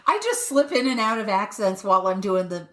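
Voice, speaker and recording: A woman's voice: medium pitch, big pitch swings, a little fast, a bit bright. A woman co-hosting a podcast in casual chat, telling stories animatedly, mimicking other people's voices and laughing often. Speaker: podcast co-host.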